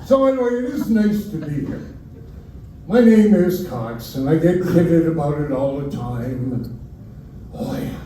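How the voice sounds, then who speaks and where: A man's voice: on the high side, animated, measured pace, warm tone, slight background noise. An older man doing a stand-up comedy set in a club, with wry, self-mocking punchlines. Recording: roomy club audio from far off. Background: laughing crowd.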